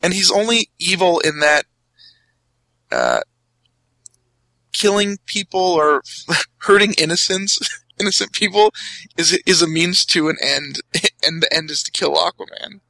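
A young man co-hosting a casual comics podcast, rambling with restarts and quick laughs. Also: a little high, big pitch swings, gravelly, bright, forceful tone, dry recording, poor audio. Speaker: podcast co-host.

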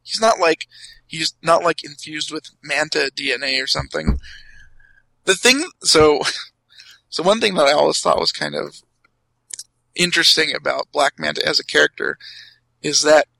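A young man co-hosting a casual comics podcast, rambling with restarts and quick laughs. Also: on the high side, gravelly, sharp tone, dry recording, low-quality recording. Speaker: podcast co-host.

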